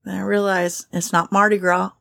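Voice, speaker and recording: A young adult woman from Louisiana, telling stories in an animated, chatty way with casual swearing. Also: mid-range voice, normal speed, creaky. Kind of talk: casual chat.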